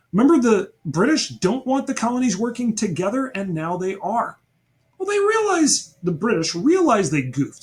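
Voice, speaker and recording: Animated male history teacher. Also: fairly high pitch. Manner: animated storytelling with quick asides to students. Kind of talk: classroom history lecture.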